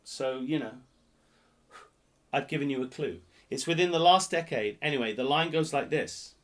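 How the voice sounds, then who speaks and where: A man hosting a live-streamed pub quiz, jokey and rambling, swinging between loud announcements and muttered asides. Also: medium pitch, normal speed. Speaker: quiz host.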